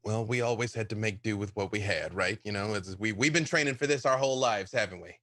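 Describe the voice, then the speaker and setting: Man doing a bright, fussing mom figure, scolding and doting, dry. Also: lowish voice, fast, no echo, pitched below the performer's own voice, natural voice. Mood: wry. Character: fussing motherly older woman.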